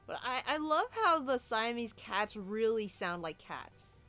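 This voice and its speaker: A woman talks through a character design as she draws, at a slow, unhurried pace. She muses aloud and hesitates, restarting her sentences and filling pauses. Soft music plays faintly in the background. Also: a little high, expressive. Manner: musing, hesitant, with many fillers and restarts. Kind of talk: casual thinking-aloud commentary while drawing.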